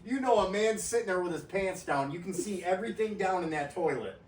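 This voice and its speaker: A man co-hosting a casual podcast, crude and quick to laugh and swear. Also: high-pitched, animated, echoey room, far from the mic, low-quality recording. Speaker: podcast co-host. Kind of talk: casual storytelling chat.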